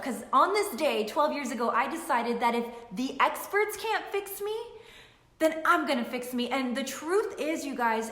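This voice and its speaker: A middle-aged woman with a fairly high voice tells her personal story in an animated way, hammering home points by repeating herself. She sounds like a nutritionist talking straight to her viewers. The room around her is echoey. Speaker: nutritionist and weight-loss coach. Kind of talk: emotional personal story to camera.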